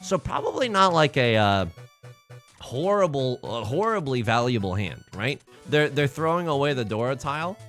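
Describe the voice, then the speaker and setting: At a home desk mic, a young man chats through a live game stream, joking theatrically and mocking himself. His bright, forceful voice swings widely in pitch at a moderate pace, with soft music faintly behind him.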